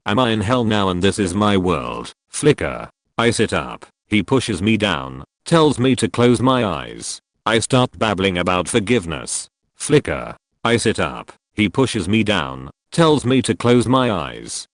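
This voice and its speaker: A young man reading a first-person account aloud in measured scripted narration, dropping to a hush on repeated refrains. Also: sing-song, no echo, studio quality. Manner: low, measured, drops to a hushed tone for repeated refrains. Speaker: narrator reading a trip report.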